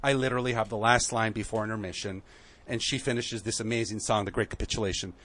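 A man telling a story on a podcast, acting out the quotes with lively shifts and growing emotional at moments. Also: lowish voice, quick pace. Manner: animated, acts out quotes, emotional at times. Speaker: guest.

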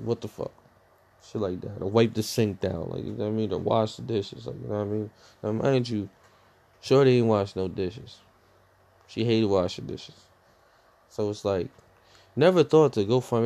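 A young man telling a personal story in a rambling, profane, animated way, full of fillers. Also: fairly low pitch, gravelly. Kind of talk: casual storytime rant.

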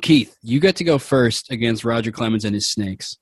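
A man's voice: medium pitch, normal speed, dry recording. A man running a comedic tabletop game as game master, rambling with fillers and frequent giggles.

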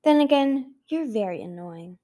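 A woman voicing a massive, scarred, vicious female dragon who hisses her lines slowly and with menace, in an amateur audiobook reading. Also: a little high, lively intonation, dark tone, close to an everyday voice. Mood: menacing. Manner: hissing, slow and menacing.

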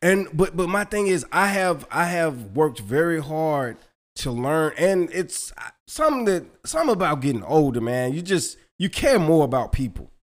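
Middle-aged male co-host, slightly high voice, animated storyteller who laughs and curses a lot. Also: moderate pace. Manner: animated storyteller, laughs often, swears freely. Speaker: podcast co-host. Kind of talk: casual chat.

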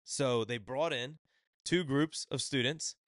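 A man's voice: medium pitch, fairly bright tone, no room sound, studio quality. A man hosting his own podcast, reviewing a book in casual chat and acting out little quotes as he rambles. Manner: rambling, acts out quotes in quick asides. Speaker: podcast host.

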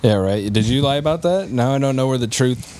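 A man's voice: mid-range voice, expressive, fairly quick, a little mellow, slight background noise. A man and podcast co-host making dry, teasing short remarks in casual chat.

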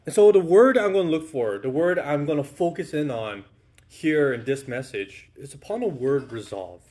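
A man's voice: fairly high pitch, lively intonation, moderate pace, warm tone. A man preaching a sermon to his congregation in a conversational way, often checking in with "right?". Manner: informal, with fillers and restarts. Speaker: pastor.

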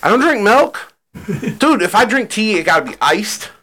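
A man with a bright, forward voice that swings widely up and down as he talks. He chats playfully on a casual podcast and laughs easily. His tone sounds loose and teasing. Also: high voice, big pitch swings, normal speed, slight background noise. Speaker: podcast co-host. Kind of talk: casual chat.

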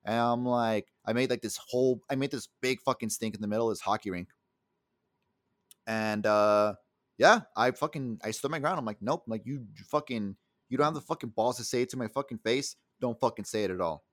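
A man's voice: mid-range voice, fairly quick, dry recording, clean studio sound. A young man from the El Paso area, co-hosting a casual podcast and telling a story in a heated, profane way. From El Paso area, USA. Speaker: podcast co-host.

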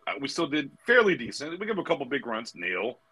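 An older man discussing football defense in casual talk, halting and repeating words. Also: mid-range voice, sing-song, sharp tone, husky. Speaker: podcast panelist. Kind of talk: casual sports chat.

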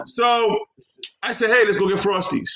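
Animated New man telling stories. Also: high-pitched, moderate pace. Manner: animated storytelling, acting out quotes with loud outbursts. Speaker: podcast co-host. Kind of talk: casual chat.

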